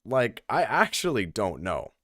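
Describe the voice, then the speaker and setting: A man's voice: on the low side, measured pace, no room sound, clean studio sound. A young man casually commentating a game tournament on a stream, chatting with viewers. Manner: chatty, lively, talks to the chat. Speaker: tournament caster.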